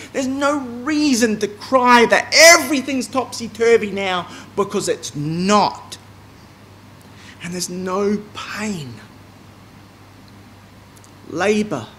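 Lively man giving a bible class. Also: very high voice. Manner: lively, emphatic, with asides and restarts. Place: meeting hall.

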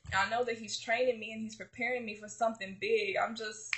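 A woman's voice: a little high, fairly even intonation, fairly quick, fairly bright tone. A woman giving a fervent, gushing faith testimony to viewers, restarting her sentences and calling them honey. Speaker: faith vlogger. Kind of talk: emotional personal faith testimony.

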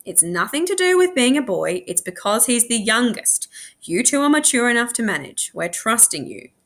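A woman reading aloud, voicing a calm, reasonable grown man in a soothing, measured way. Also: fairly high pitch, pitched above the performer's own voice. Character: calm, reasonable adult brother.

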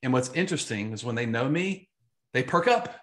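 A man, an insurance agency trainer, giving an emphatic, energetic live online training talk and repeating his key points. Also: medium pitch, brisk.

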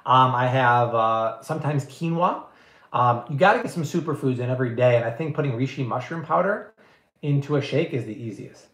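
A man's voice: mid-range voice, a little fast, fairly bright tone, roomy sound. A man hosting a live cooking stream, chatting casually and answering viewer questions with slangy, emphatic energy. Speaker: cooking show host.

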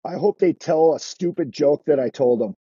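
A man's voice: a little high, expressive, moderate pace, warm tone, slightly rough, dry recording, lo-fi sound. A man who teaches skating, talking casually in a podcast interview, restarting his sentences and acting out what kids say. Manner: chatty, restarts sentences, acts out quoted kids. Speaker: skating instructor.

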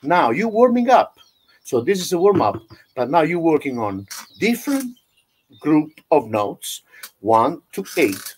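A man with an Italian accent teaching an online drum lesson, loosely explaining with many "you know"s and counting beats out loud. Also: on the high side, very animated, measured pace, a little hiss or hum. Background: drum playing.

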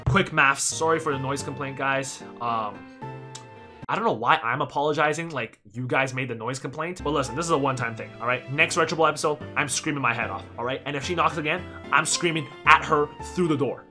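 A young man giving excited commentary over a football video game, yelling at his players and joking with viewers. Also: mid-range voice, brisk, soft background music. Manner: hyped, yells at players, jokes to viewers. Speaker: gaming YouTuber.

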